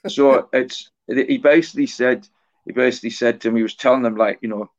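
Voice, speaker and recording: A man in his forties, an author talking as a guest in an interview, telling a story in a halting way that often repeats words and restarts. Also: medium pitch, steady tone. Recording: dull lo-fi recording.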